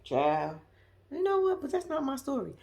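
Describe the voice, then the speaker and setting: A woman's voice: high-pitched, wildly swooping pitch, moderate pace, creaky, darkish tone. A woman with a Southern US accent giving a blunt, sassy, laughing casual commentary as a vlogger. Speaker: reality TV recap vlogger.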